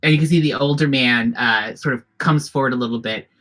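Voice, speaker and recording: Bright, rambling tabletop game master. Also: mid-range voice, fairly quick, soft background music, low-quality recording. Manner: rambling, heavy with fillers and restarts.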